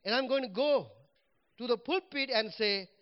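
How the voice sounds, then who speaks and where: A man's voice: very high-pitched, moderate pace, clean tone, dull audio. A man preaching a personal testimony in church, telling his story animatedly and acting out what he said and thought. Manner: animated storytelling, voice swinging up and down as he relives moments.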